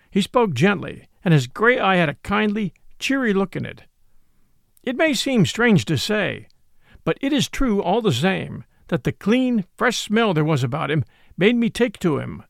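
A man's voice: high-pitched, normal speed, vocal fry, no room sound, studio quality. A man narrating a classic novel aloud as storybook narration, reading expressively and voicing every part. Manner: expressive reading, voices all parts.

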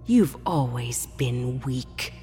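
A woman voicing a deep, mocking voice from the dark. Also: animated, long reverb tail, soft background music, heavily acted. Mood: taunting. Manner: slow, taunting and derisive. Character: scornful, mocking disembodied voice in the woods.

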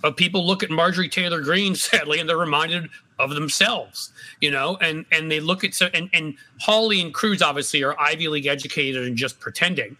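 A man's voice: fairly high pitch, brisk, hardly any pauses, pushed and bright. A man speaking as a guest on a political panel, blunt and emphatic, repeating his points for force.

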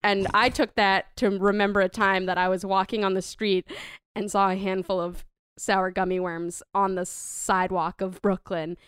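A woman's voice: mid-range voice, moderate pace, clean tone, no room sound, clean studio sound. A woman co-hosting a podcast, joking playfully and laughing a lot. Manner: giggly, playful and animated. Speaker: podcast co-host. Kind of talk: casual podcast banter.

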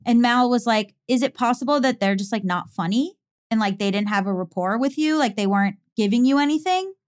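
A young woman on a podcast, chatting casually and poking fun at herself. Her voice sits a little high and sounds smooth and clear. She talks in loose, filler-heavy stories. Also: lively intonation, a little fast. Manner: chatty, self-mocking, lots of "like". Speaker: podcast co-host. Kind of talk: casual chat.

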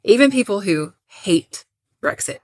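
A woman's voice: mid-range voice, lively intonation, a little slow. A woman co-hosting a casual podcast, reading out a list of predictions with wry asides. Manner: chatty, reads out lists with wry asides. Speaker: podcast co-host.

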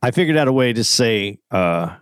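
A man co-hosting a comedy podcast, chatting in a relaxed, playful way with some hesitant restarts. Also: medium pitch, moderate pace, smooth, no room sound, studio quality. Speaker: podcast co-host. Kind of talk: casual comedic chat.

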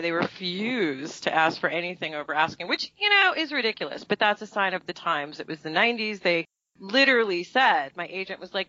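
Lively storytelling actress, bright voice. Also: female voice, fairly quick, no echo, lo-fi sound. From New York. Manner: animated storytelling, acting out quotes with big pitch jumps. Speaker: actress and guest. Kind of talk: casual interview chat.

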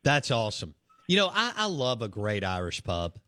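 A man's voice: mid-range voice, normal speed, no echo. A man hosting a sports radio show, chatting casually with lots of fillers. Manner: relaxed and chatty, with many fillers.

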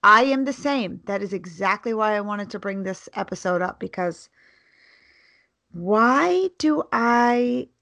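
A woman's voice: mid-range voice, expressive, measured pace, sharp tone, no room sound. A woman co-hosting a podcast, talking bluntly and reassuringly, swearing freely. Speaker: podcast co-host. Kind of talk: casual chat.

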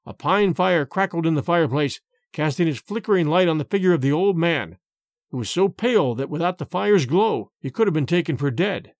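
A man narrating a story in a measured, expressive way. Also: fairly high pitch, dry recording, clean studio sound. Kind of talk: storytelling reading.

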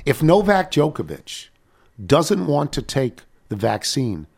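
An older man hosts a talk radio show in a lively, swooping voice. He rants indignantly and fires off rhetorical questions in easygoing banter. His pitch climbs and falls all the way through. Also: slow, creaky, slightly rough.

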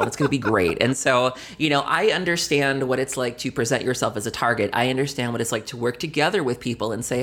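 A woman's voice: rumbling low, quick pace, few pauses, fairly bright tone. A woman co-hosting a podcast, chatting enthusiastically and laughing often. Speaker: podcast co-host. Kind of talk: casual chat.

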